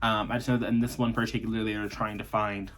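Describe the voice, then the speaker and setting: A man's voice: fairly low pitch, flat delivery, fast, fairly bright tone, slight background noise. A man vlogging casually about a book he is reading, with sarcastic, chatty remarks and loose fillers. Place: in a vehicle on the way to work.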